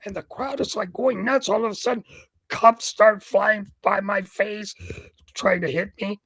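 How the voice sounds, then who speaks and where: An older man with a gravelly, husky voice, a ring announcer telling stories as an interview guest and acting out the scenes. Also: high-pitched, unhurried, no echo, rough recording. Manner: lively storyteller who acts out scenes. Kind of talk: animated anecdote telling.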